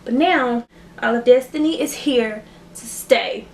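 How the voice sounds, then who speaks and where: A woman's voice: fairly high pitch, measured pace, darkish tone, echoey room, a little hiss or hum. A woman YouTuber, chatting emotionally and gratefully to camera in a casual vlog at home. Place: room at home lit by ring light.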